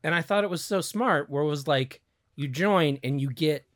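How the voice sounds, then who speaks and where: A man co-hosting a podcast in casual banter, trading quick quips and laughing often. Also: on the high side, no echo, studio quality. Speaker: podcast co-host.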